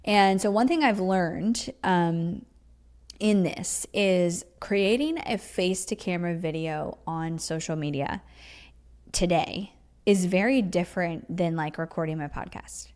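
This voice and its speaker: Chatty woman podcast host, fairly low voice. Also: unhurried, a little mellow. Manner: chatty, riffs off the cuff with many likes and you-knows; emphatic teaching tone. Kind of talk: casual solo podcast talk.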